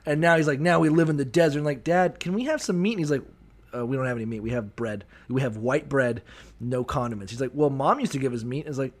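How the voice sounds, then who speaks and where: A man's voice: mid-range voice, fast talker. A man on a comedy podcast, riffing profanely on a bible story and acting out the characters' voices. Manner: profane, animated, acts out voices mid-story. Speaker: podcast co-host. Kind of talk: comedic bible commentary chat.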